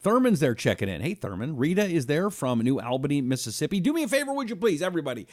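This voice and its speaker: A man hosting a live talk show, reading an ad and viewer comments in an animated, emphatic way. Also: fairly high pitch, fast talker, no echo, clean studio sound.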